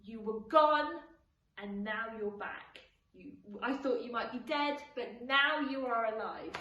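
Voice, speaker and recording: A man's voice: extremely high pitch, lively intonation, unhurried, heavily acted. A woman doing a joyful forgiving father. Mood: overjoyed. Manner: warm relieved pleading. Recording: echoey room, distant mic.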